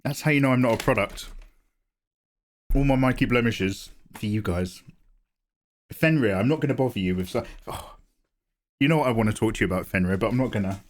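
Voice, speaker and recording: A man, slightly hoarse from a cough, casually chatting and joking with viewers while he draws on a live stream. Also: mid-range voice, brisk, long pauses. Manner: chatty, joking, greets chat by name. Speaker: art streamer.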